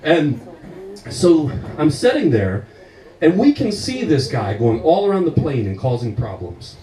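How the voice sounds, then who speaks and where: An American man in young adulthood doing a stand-up set, telling animated stories with lots of swearing and laughter. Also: a little high, unhurried, roomy sound, recorded from a distance, low-quality recording. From United States. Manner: animated storytelling, swears a lot, laughs often. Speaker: stand-up comedian.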